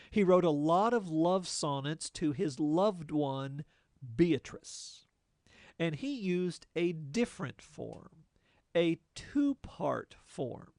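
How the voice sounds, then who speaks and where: Slow, gravelly male teacher. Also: on the high side, very animated, a little mellow, no echo, clean studio sound. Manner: deliberate, plain-spoken, with folksy asides. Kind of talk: lecture explaining poetic form.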